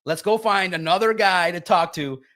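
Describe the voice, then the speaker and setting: Sports-show co-host, male, higher-pitched, lively and emphatic delivery. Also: moderate pace. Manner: animated, emphatic, jumps into sharp high pitch for emphasis. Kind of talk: casual sports talk.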